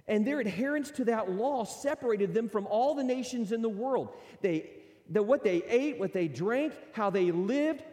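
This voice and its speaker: A man delivers a sermon with high, lively pitch swings over a mellow, warm tone. His voice rings through a hall with a long reverb tail. He speaks conversationally and animatedly to his congregation. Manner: animated preaching, acts out excuses in character voices. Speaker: pastor.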